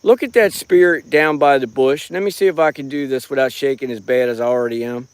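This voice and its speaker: Speaking a little fast in a clear, resonant, mid-range voice with no room sound, a middle-aged man live-streams from a rural property at night. He's a paranormal watcher holding his phone, chatting in a rambling, folksy way and greeting viewers by name.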